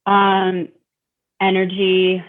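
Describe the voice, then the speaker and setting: Extremely slow and completely flat, a medium-pitched middle-aged woman from Detroit speaks candidly as a guest about recovery. She repeats words and acts out her own thoughts, and the audio is tinny and phone-like.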